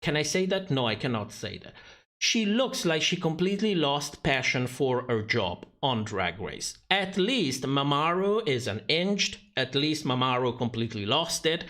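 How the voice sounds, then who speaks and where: A man's voice: fairly high pitch, very animated, moderate pace, fairly bright tone. A man giving sarcastic, profane livestream commentary on a drag competition show, often laughing mid-sentence.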